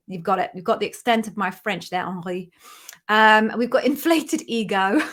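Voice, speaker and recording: Hosting a casual live Q&A, a British woman who works as an interview coach greets viewers by name in a bubbly, chatty way. She speaks in a mid-range voice that is bright and forceful.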